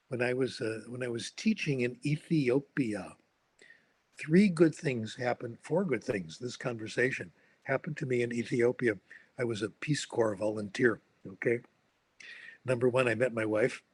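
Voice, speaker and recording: Older male linguist, husky voice, dry close sound, wry anecdotal lecture manner. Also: mid-range voice, moderate pace, no room sound. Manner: storytelling, wry, tags points with "okay?".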